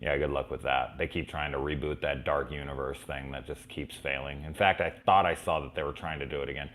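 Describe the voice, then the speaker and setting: Deep-voiced male host, loose live fan chat, swears freely, rambling anecdotes. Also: steady tone, brisk, fairly bright tone. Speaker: host of a horror movie review show. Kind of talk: casual live chat answering fan questions.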